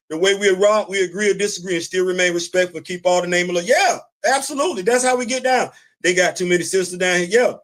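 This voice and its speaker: A man's voice: high voice, a bit bright. A man hosting a casual commentary show, talking bluntly and emphatically, repeating his points. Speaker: podcast host.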